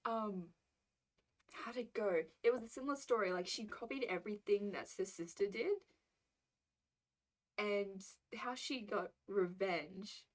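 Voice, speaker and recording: A woman's voice: mid-range voice, measured pace, long pauses. A young adult woman streamer chatting casually and reacting to stories, rambling and laughing often.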